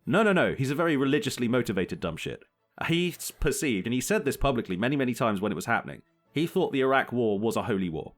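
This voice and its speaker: A young British man co-hosts a casual podcast chat, ranting quickly in a mid-range, sing-song voice, swearing plenty and laughing often. Faint music plays behind him.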